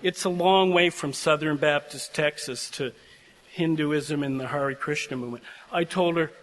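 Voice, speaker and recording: An older man with a somewhat high voice gives an earnest, heartfelt address to graduates. His storytelling is emotional, and he sounds close to tears at times. The long reverb of a large chapel trails after his words. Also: normal speed, a bit bright, a little hiss or hum. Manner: heartfelt, emotional, prone to tearing up. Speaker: guest speaker addressing seminary graduates.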